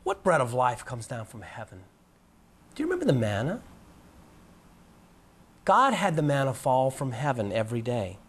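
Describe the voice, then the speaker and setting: A man teaching a Bible lesson in a casual, folksy way, reading scripture in a lower, slower voice. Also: breathy edge. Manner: animated, drops to a low, slow voice for scripture quotes. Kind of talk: presentation lecture.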